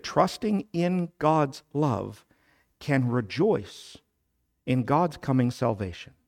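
A man preaching a sermon, explaining scripture slowly and building to loud, emphatic prayers. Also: on the high side, vocal fry. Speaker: pastor.

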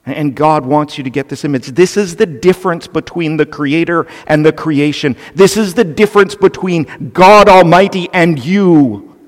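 A man's voice: fairly high pitch, normal speed. A male pastor preaching a sermon earnestly and with animation, turning to the children with playful asides. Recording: long reverb of a large hall.

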